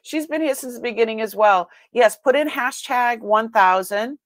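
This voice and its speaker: A woman's voice: a little high, normal speed, no echo. Chatty Boston woman hosting a live stream. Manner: chatty, greets viewers by name, laughs often. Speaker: live sale host. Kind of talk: casual live-stream chat.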